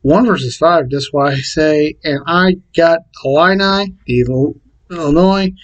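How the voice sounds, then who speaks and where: A man casually talking to camera and reading out his picks in a plain, repetitive way with halting restarts. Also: a little high, poor audio. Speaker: vlogger.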